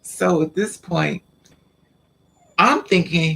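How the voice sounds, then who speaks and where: A man sits and talks straight to the camera, spinning a long personal story in a loose, rambling way. His voice sits a bit higher than most men's and carries a gravelly fry. He talks in animated, slangy street speech. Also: moderate pace, a little hiss or hum. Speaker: vlogger. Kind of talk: casual storytelling monologue.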